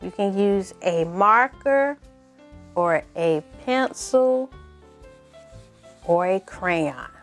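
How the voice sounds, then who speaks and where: Slow, lively-voiced woman teaching young children. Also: mid-range voice, faint music behind. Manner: encouraging, asks children to repeat words. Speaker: preschool teacher.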